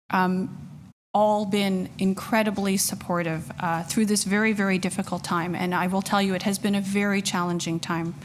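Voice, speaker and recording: A woman's voice: medium pitch, a little hiss or hum. A woman, a public health official, giving formal remarks at a council meeting, thankful and emotional, with many fillers.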